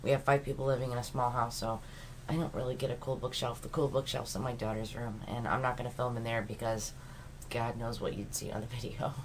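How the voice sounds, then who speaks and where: Chatty low-voiced woman. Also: little pitch movement, fairly quick, a little hiss or hum. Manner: chatty and rambling. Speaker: vlogger. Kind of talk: casual home vlog.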